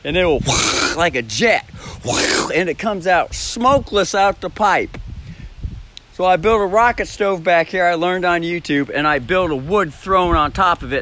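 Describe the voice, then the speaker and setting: Man with a high voice, casual rambling storytelling, laughs a lot, swears freely, keeps restarting his sentences. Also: pushed and bright. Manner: laughs often between phrases, swears freely. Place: at his own home, by a backyard shed.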